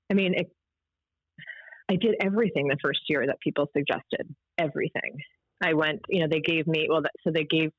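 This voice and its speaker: A woman from Maryland in her forties, a podcast guest telling her story in a candid, animated way. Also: low-pitched, no echo. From Maryland, USA. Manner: talkative and animated, with frequent restarts and laughter. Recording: dry, slightly dull podcast audio.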